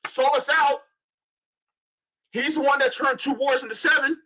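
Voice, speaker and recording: Man, live-stream political rant, bright, husky, heated, sarcastic. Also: extremely high pitch, normal speed, rough recording. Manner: impassioned, ranting, rhetorical questions.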